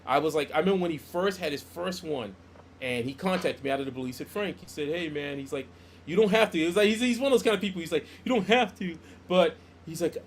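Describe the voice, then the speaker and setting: A man's voice: on the high side, fast talker, slight background noise. A middle-aged man, a comic book artist, telling stories in a casual podcast chat and acting out the dialogue he quotes. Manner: animated storyteller who acts out quoted dialogue.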